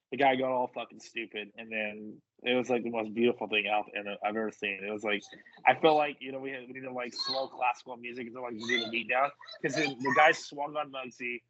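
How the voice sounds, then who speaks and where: Man, wrestler guest, casual storytelling, profane, bright tense voice, dry dull sound. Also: mid-range voice, fairly even intonation, moderate pace, dry recording. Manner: profane, acts out voices in quotes.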